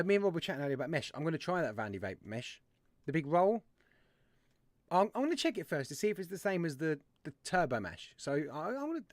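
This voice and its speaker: A man's voice: high voice, no room sound, studio quality. A man hosting a casual livestream, chatty and jokey as he greets viewers by name. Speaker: livestream host. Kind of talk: casual live-stream chat.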